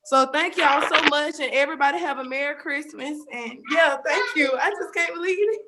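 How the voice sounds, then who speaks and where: A woman's voice: high-pitched, moderate pace, very noisy. Tearful, grateful woman caller. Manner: emotional, grateful, rambling. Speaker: caller who won a raffle. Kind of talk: casual group call.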